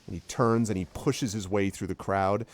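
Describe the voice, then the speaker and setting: Guy running a d&d game, kinda low voice, rambles, excited. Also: moderate pace. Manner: enthusiastic, rambling narration. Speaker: dungeon master. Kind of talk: narrating a tabletop game.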